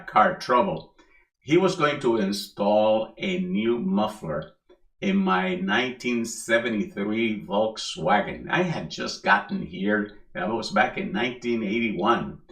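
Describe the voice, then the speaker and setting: A middle-aged man giving a sermon as a minister, relaxed and joking, repeating key phrases for emphasis. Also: lowish voice, a little slow. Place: church hall. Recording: echoey hall.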